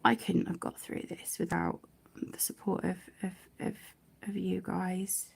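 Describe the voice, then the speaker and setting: Chatting warmly during a colouring live stream, this UK host speaks softly, frequently sinking to a near whisper, with many fillers and restarts. Her voice is fairly low and gravelly, unhurried, with little pitch movement.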